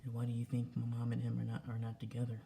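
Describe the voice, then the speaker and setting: A young man vents into his camera at home in a flat, dark voice, circling back to the same points again and again. He swears freely and sounds agitated. A faint hum of room noise sits under the recording. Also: medium pitch, fast talker, creaky. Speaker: vlogger. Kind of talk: casual vlog rant. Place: home indoors.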